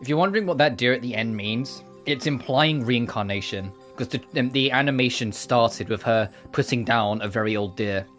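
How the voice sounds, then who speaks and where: A young man casually commenting on a game as a streamer, chatty and emotional and quick to laugh. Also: fairly low pitch, fairly bright tone. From United Kingdom.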